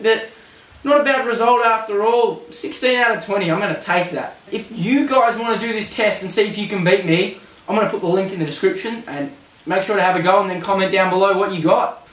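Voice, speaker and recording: A man's voice: high voice, brisk, fairly bright tone, roomy sound, distant mic. A young Australian man with an Australian accent, chatting casually and poking fun at himself while doing a quiz. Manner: chatty, self-mocking, slangy. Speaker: vlogger.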